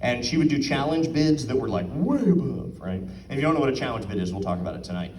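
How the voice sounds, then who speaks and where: In a room full of people at an art auction, a man with a mid-range, darkish voice talks very fast in a casual, chatty way, posing questions to the audience and acting out quotes. The recording is distant and off-mic, giving it a roomy sound.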